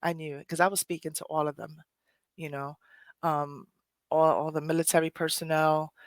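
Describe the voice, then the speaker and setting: A woman's voice: deep voice, little pitch movement, moderate pace, dry recording. A woman host with a New York Puerto Rican accent, telling a personal story emphatically and repeating phrases. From Puerto Rico. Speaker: poetry podcast host.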